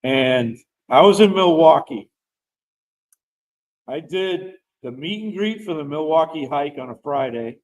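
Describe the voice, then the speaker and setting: Middle-aged guy, voice a bit on the high side, animated and rambly, telling a story on a podcast. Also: a little slow, poor audio. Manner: rambling, animated storyteller who laughs while talking. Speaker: veteran guest telling a personal story. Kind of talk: casual storytelling.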